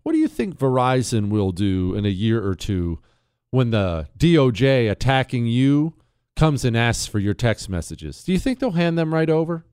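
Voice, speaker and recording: A man's voice: medium pitch, sing-song, moderate pace, darkish tone, clean tone, no echo, clean studio sound. A man hosting a radio talk show, brash and sarcastic, reading ads and listener mail and laughing along. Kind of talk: talk radio monologue with ad reads. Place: radio studio. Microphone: studio mic.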